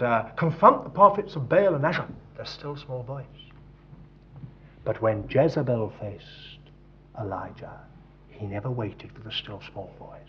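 A man preaching a sermon, dropping to hushed tones and rising to loud emphasis. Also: fairly high pitch. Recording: dull lo-fi recording.

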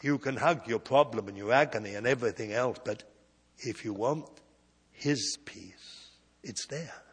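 A man preaching a sermon, telling a personal story with slow, emphatic delivery and big swings from loud to quiet. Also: mid-range voice, slightly rough. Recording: long hall reverb.

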